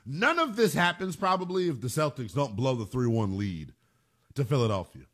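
A man's voice: medium pitch, sing-song, normal speed, fairly bright tone. A man hosting a sports talk radio show, delivering an emphatic monologue and repeating phrases for punch.

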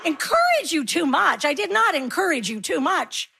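A middle-aged woman tells stand-up stories on a stage, her voice sitting high. She talks in an animated way and acts out the people in her stories with voices of their own. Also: moderate pace, vocal fry. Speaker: stand-up comedian. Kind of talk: stand-up comedy routine. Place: stage before a laughing audience.

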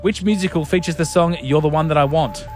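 A man hosting a radio quiz, his voice sitting a little high. He teases his co-host and fires off the questions briskly. Faint music runs underneath. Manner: teasing, brisk quizmaster.

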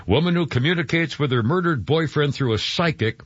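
A man's voice: a little high, lively intonation, a little fast, husky, dry recording. A man hosting a radio show, chatting in a rambling way and stumbling over his words. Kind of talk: morning radio chat. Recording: dull, dry radio broadcast.

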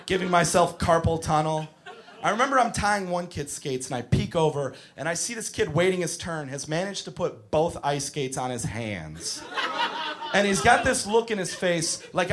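A young man doing stand-up storytelling, profane and exasperated, breaking into shouts. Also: sits high, moderate pace, a crowd in the background. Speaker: stand-up comedian. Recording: live comedy club with audience laughter.

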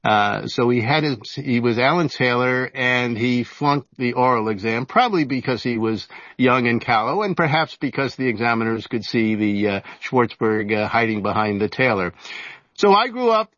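A man in his seventies, an author and journalist giving an interview, telling stories in a halting way full of fillers and restarts. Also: mid-range voice, lively intonation, fairly bright tone, no echo, highs cut off. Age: 70s. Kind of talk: casual storytelling interview.

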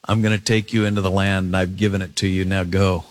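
A man teaching a sermon, reading scripture aloud and stopping to comment with emphatic rises and hushed drops. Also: low voice, flat delivery, quick pace. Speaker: pastor.

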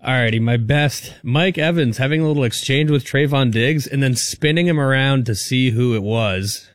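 A man's voice: mid-range voice, normal speed, no room sound, studio quality. A man co-hosting a sports talk show, laid-back and wry.

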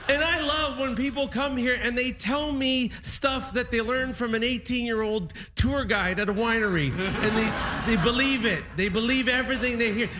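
A man from Niagara-on-the-Lake doing a loud, punchy stand-up set at a live comedy festival, mimicking tourists. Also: very high voice, moderate pace, few pauses. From Niagara-on-the-Lake, Canada. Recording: echoey live room with crowd noise.

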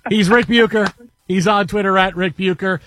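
A man's voice: sits high, fairly even intonation, normal speed, fairly bright tone. A man hosting a sports radio show, easygoing and joking with his co-host and guest. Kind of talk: casual radio chat.

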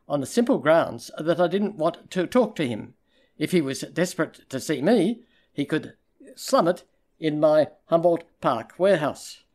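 Male audiobook narrator, steady and even delivery, slightly high pitch. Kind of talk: scripted narration.

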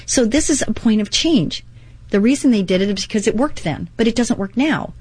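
A woman's voice: fairly high pitch, animated, fairly quick, a little mellow, breathy edge, no room sound. A middle-aged woman hosting a Christian inspirational radio talk show, earnest and encouraging, mixing devotional readings with personal asides.

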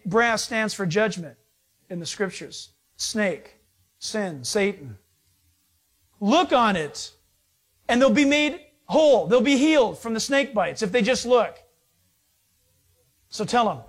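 A man preaching a sermon in a folksy, joking way, telling stories with lively energy. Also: sits high, a little slow, long pauses. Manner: folksy, joking, animated storytelling.

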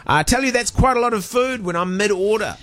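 A man's voice: high voice, expressive, a little fast, a crowd in the background. A man hosting a radio show, reading out a list with joking sarcasm. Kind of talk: casual radio banter.

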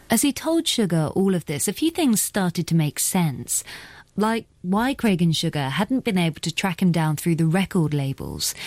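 Low-voiced woman narrating a podcast. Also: darkish tone, no echo. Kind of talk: scripted narration and interviewing. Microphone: dry studio mic.

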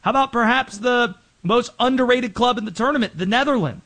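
A man hosting a sports talk show, running through players and teams with energetic, emphatic delivery. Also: very high voice, fairly quick. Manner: energetic, emphatic, rattling off names. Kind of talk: sports commentary segment.

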